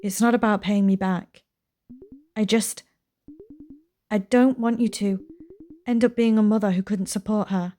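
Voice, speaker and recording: A woman's voice: mid-range voice, steady tone, unhurried, long pauses, mellow, natural voice. A woman voicing a stern older grandmother who scolds bluntly, reading game dialogue aloud. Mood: scolding.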